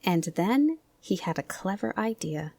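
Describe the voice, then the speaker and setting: A woman reading a children's storybook aloud in a gentle, soft bedtime voice, often close to a whisper. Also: mid-range voice, very animated, a little slow, gravelly, no room sound. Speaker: audiobook reader.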